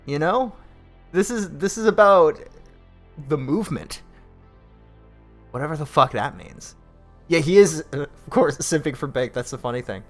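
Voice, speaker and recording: A man's voice: medium pitch, lively intonation, unhurried, long pauses, soft background music. Sarcastic man hosting a late-night stream. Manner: sarcastic, profane, mocking. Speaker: stream host. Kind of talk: late-night livestream commentary.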